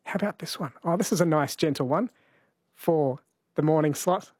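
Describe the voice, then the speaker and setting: A man's voice: on the high side, normal speed, darkish tone, breathy edge, dry recording, studio quality. A man hosting a late-night radio show in casual, joking banter. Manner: chatty, joking, easygoing. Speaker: radio host. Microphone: studio microphone.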